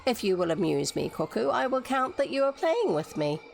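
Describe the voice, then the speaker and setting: A woman putting on a wilful little girl, high and eager. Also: very animated, normal speed, creaky, darkish tone, slight background noise. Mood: protesting. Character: young girl, curious and wilful.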